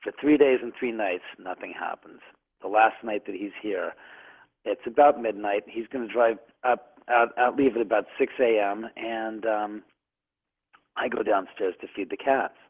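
A man's voice: fairly low pitch, normal speed, gravelly, husky. A man telling a long, rambling personal story as a radio guest, often stammering and repeating words. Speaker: guest on a call-in radio show. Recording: tinny phone line.

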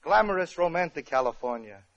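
A man's voice: a little high, lively intonation, a little fast, muffled recording. A male comedian narrating a parody story, with chatty wisecracking asides, on an old radio recording.

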